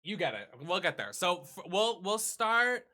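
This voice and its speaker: A man hosting a casual chat with his partner, talking in an animated, profane, ranting way. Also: sits high, measured pace. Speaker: streamer host.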